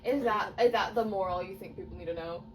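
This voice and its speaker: A woman's voice: medium pitch, fast. Sarcastic woman chiming in from afar. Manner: dry, sarcastic interjections. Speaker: co-reader friend. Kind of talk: casual chat. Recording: distant, echoey room with clear noise.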